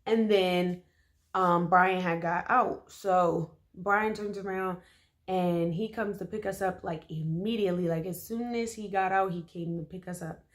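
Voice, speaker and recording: Her voice is on the low side, at a measured pace with fairly even intonation. The Philadelphia, USA vlogger tells her story to camera in an emphatic, slangy manner, repeatedly asking listeners "okay?"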